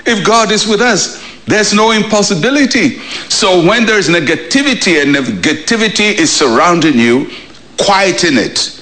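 A man preaching a short devotional sermon as a pastor, emphatic, with dramatic pauses. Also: high-pitched, animated, pushed and bright, poor audio.

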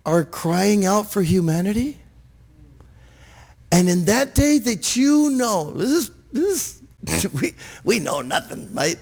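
A man's voice: high-pitched, vocal fry, darkish tone. A man preaching a sermon in church, earnest, often restarting his words and asking "Amen?". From Texas, USA. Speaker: pastor.

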